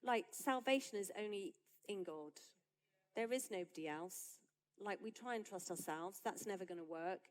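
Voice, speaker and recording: A woman pastor, preaching a sermon in a conversational, lively way that builds to emphatic peaks. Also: medium pitch, moderate pace, poor audio.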